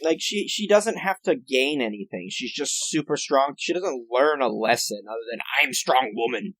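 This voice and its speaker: A man's voice: medium pitch, expressive, moderate pace, fairly bright tone, dry recording. A man co-hosting a casual podcast, swearing freely and complaining with energy. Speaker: podcast co-host.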